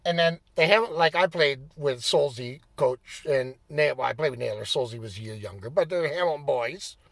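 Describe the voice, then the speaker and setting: A man telling a personal story in a casual, profane way, getting animated and raising his voice as he relives the anger. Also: medium pitch, moderate pace, creaky, dry recording. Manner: animated, swearing, bursts into shouting when reliving anger. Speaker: storyteller recounting his playing days.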